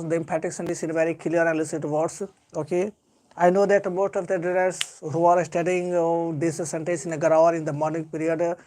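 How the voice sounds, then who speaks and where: A man's voice: high-pitched, a little mellow. A man with an Indian English accent teaching an English grammar lesson live, lecturing earnestly and repeating key points with heavy stress.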